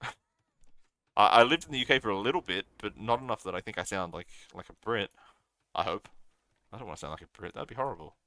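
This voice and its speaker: A man's voice: on the low side, no echo. A man from Australia casting a strategy game live, reacting eagerly to plays and answering chat. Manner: excitable, quick reactions, reads viewer chat aloud. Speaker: caster.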